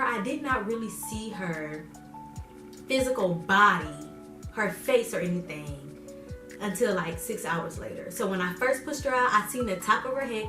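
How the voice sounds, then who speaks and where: A young woman vlogger telling a story casually and animatedly, acting out what people said with big jumps in pitch. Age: young adult. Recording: roomy echo, voice a bit far from mic, faint music.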